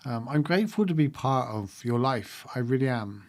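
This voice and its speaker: A man's voice: medium pitch, normal speed, few pauses, a little mellow. A man hosting a livestream, talking casually and reflectively to his viewers and laughing often. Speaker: livestream host.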